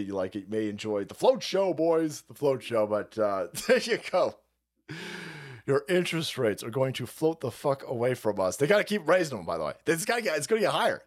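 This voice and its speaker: A man hosting a stream, ranting profanely while reacting to videos, laughing often and breaking into mocking squeals. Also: mid-range voice. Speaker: streamer host.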